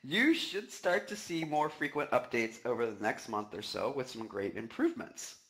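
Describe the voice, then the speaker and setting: A man co-hosting a live news stream, reading announcements in a steady way with frequent fillers. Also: medium pitch, normal speed, low-quality recording. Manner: steady delivery with many "uh" fillers.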